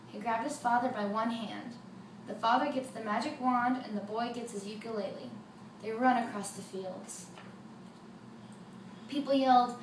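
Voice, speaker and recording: A woman telling a folk tale for children, with lively sound effects, in a roomy recording from a distant mic with faint noise. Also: fairly high pitch, moderate pace. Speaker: storyteller.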